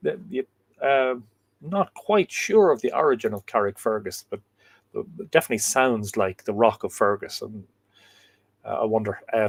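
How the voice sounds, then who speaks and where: Irish guy reading out chat comments live, umming and pausing a lot, dry throat. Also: on the low side. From Ireland. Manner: hesitant, many ums and uhs, thinks aloud. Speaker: host of a live myth reading show.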